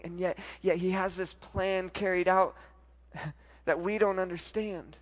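A man telling a personal faith story to a live audience, animated, often repeating words and acting out what people said. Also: high voice, measured pace, big-room sound.

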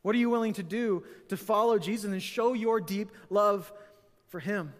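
A man with a notably high voice preaching to his congregation in a loose, conversational way, often repeating himself and stumbling over words. He swings between bright, loud bursts and hushed, serious moments. His voice rings out in the long reverb of a church hall. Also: moderate pace. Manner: conversational preaching with frequent fillers and repetitions; dynamic, swings from loud excited bursts to quiet earnest lows. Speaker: pastor. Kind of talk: sermon. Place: church sanctuary.

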